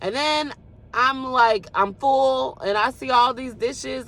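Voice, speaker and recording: A woman's voice: sits high, slow pace, a bit bright, a little hiss or hum. Woman giving a chatty devotional talk. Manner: conversational, keeps asking "right?" and "you know?"; preachy and earnest. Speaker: speaker.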